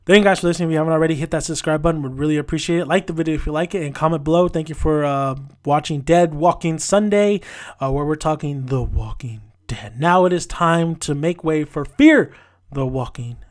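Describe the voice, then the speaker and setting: Man, fairly high voice, ranting, frustrated, casual review, lots of restarts. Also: a little fast. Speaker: TV show reviewer.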